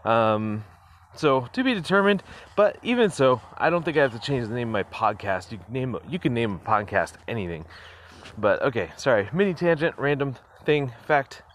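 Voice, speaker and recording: A podcast host's mid-range, fairly bright voice swings widely in pitch as he talks at a moderate pace, with a little hiss or hum in the background. It's a casual solo monologue recorded on a phone, full of tangents, chuckles, and fillers.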